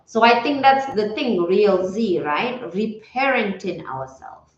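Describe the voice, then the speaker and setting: A woman wellness coach talks slowly and reflectively, circling back to repeat her key phrases. Her voice sits at a middle pitch. The recording sounds roomy and slightly dull. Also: lively intonation. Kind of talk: casual motivational talk.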